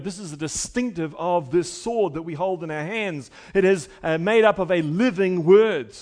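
A man's voice: high-pitched, unhurried, few pauses. A middle-aged man preaching a sermon as pastor, emphatic and building with repeated phrases.

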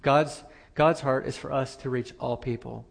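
A man's voice: medium pitch, steady tone, moderate pace, vocal fry. A man preaching a sermon as pastor, earnest, repeating phrases for emphasis.

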